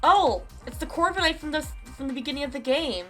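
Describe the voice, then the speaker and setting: A woman streamer giving chatty let's-play commentary as she plays, reacting out loud. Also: high voice, animated, quick pace, soft background music. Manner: chatty, reacts out loud while reading the game's lines.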